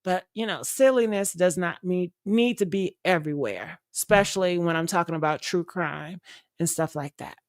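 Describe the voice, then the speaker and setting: Chatty woman live-streamer, smooth dry voice. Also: on the low side, normal speed, dry recording. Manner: loose, chatty, rambling with fillers and laughter. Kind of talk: casual live-stream chat.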